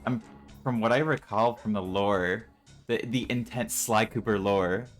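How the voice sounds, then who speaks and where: A man's voice: lowish voice, unhurried. A man streaming a video game and chatting casually about it, rambling a little as he goes. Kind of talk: casual gameplay commentary. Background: game music.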